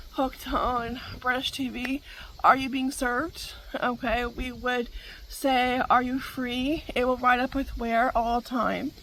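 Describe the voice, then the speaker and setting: A woman's voice: high voice, slight background noise, low-quality recording. A middle-aged woman, hosting a casual chat, rambling with many fillers and frequent laughter. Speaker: vlog host.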